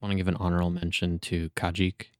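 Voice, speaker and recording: Very deep-voiced man, measured. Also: level tone, clear, resonant tone, no room sound, clean studio sound. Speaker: podcast co-host. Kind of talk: casual chat.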